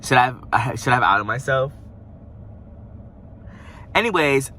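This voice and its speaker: A young man talking casually through a fast-food review from his parked car, rambling and playful. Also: medium pitch, animated, bright, forceful tone. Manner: chatty, rambling, playful asides. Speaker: vlogger.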